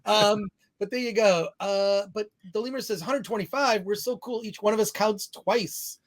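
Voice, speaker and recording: A man's voice: high-pitched, moderate pace. A man hosting a live podcast, chatting loosely and reading out viewer messages, rambling and laughing at himself. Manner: rambling, laughing, self-deprecating. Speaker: podcast host. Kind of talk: live-stream podcast chat, reading super chats.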